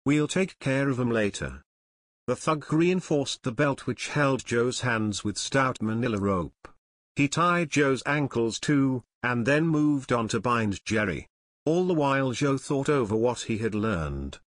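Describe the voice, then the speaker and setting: Guy reading an audiobook, steady and even, super dry close mic. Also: mid-range voice, measured pace, no echo. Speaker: audiobook narrator. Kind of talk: scripted audiobook narration.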